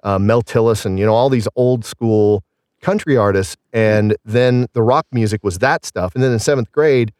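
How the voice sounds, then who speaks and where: Rambling Southern Illinois man, low voice. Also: moderate pace, darkish tone, no echo, clean studio sound. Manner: rambling, many fillers and restarts. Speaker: guest. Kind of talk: casual conversation.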